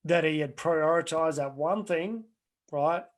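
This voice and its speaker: A man's voice: fairly high pitch, measured pace. A middle-aged man, a life coach answering webinar questions in an earnest, rambling way, restarting sentences and telling anecdotes.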